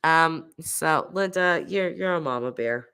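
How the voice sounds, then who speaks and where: A woman in her thirties with a low-pitched, pushed, bright voice that is clear and resonant speaks unhurriedly, though she sounds nasal and congested from a cold. Chatting casually on a live stream, she reads out viewer comments, coughs, laughs often, and uses lots of fillers.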